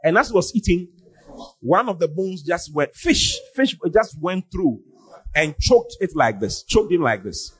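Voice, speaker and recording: A man preaching on a podcast, scolding with animated rhetorical questions and shouting for emphasis. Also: high-pitched, measured pace.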